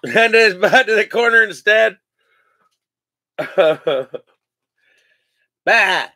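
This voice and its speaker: A man's voice: high voice, animated, extremely slow, sharp tone, no echo. A man hosting a live sports card break, joking, laughing and rattling off player names as he opens packs. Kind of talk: casual live card-opening chat.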